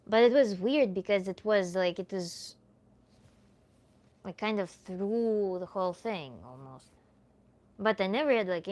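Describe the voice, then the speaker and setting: A woman with a Russian accent, a native Russian speaker, answering viewers live as a tantra coach in a relaxed, chatty way that is full of little laughs. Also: mid-range voice. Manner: relaxed, chatty, laughs often, many "like" fillers. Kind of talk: livestream Q&A chat.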